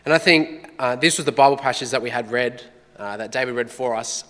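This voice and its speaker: A man with an Australian accent preaching a sermon in a measured, earnest way. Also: medium pitch, fairly bright tone. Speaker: pastor. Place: church. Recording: echoey church hall.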